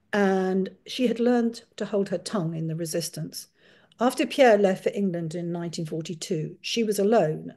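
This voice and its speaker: A woman author giving a talk, telling a family history in an earnest, measured storytelling way. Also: mid-range voice, darkish tone. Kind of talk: storytelling lecture.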